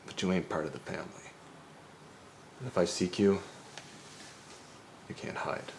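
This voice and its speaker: An actor playing a menacing gangster enforcer who threatens in a gruff voice. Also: male voice, sits low, normal speed, a little mellow, slight background noise.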